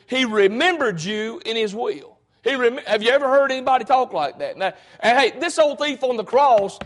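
A man preaching a sermon, moving from calm word study to loud, fervent calls to his congregation, full of rhetorical questions. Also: very high voice. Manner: frequent fillers and restarts, rhetorical questions to the congregation.

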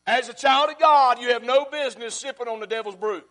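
Pastor, man, high voice; sermon delivery that repeats lines and swings from loud to hushed. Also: brisk.

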